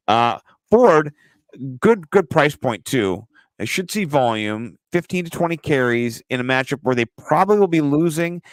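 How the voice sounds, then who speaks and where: A man co-hosting a casual fantasy football show, joking and swearing through lively banter. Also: medium pitch, dry recording. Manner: joking, profane, animated banter. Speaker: podcast co-host.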